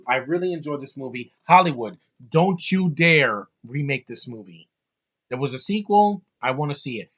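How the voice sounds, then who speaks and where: A young man giving a casual, opinionated movie review, blunt and ranting, swearing freely and repeating words when excited. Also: medium pitch.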